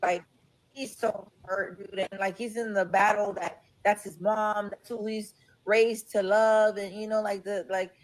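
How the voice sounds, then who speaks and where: A woman's voice: medium pitch, little pitch movement, a little slow. Casual woman host saying dude. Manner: sympathetic, says dude a lot. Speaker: live stream host. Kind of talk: casual chat.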